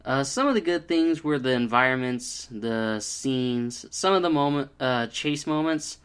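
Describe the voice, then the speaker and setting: A man's voice: mid-range voice, animated, measured pace, fairly bright tone, clean tone. A man giving a casual spoken review, hesitant, with frequent ums and restarts. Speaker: video reviewer.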